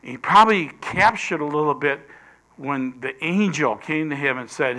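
A man preaching a sermon, swinging between loud emphasis and hushed whispers. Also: a little high, normal speed.

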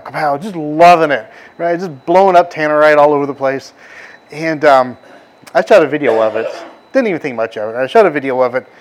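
A middle-aged pastor from the American South delivers a casual, rambling sermon full of stories and fillers. He has a softened Southern accent and a fairly high-pitched voice.

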